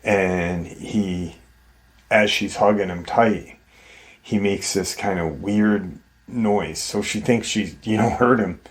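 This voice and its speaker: Slow, deep-voiced man retelling a story. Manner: conversational, acts out quoted dialogue with many "like" and "you know". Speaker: host retelling a viewer's encounter. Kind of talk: casual spoken retelling of a paranormal account.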